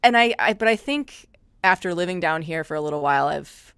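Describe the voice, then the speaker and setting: Low-voiced woman from the Midwest. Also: expressive, brisk, a bit bright, clean tone, dry recording, clean studio sound. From American Midwest. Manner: frank, self-deprecating, laughs often. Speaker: guest. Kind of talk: casual podcast chat.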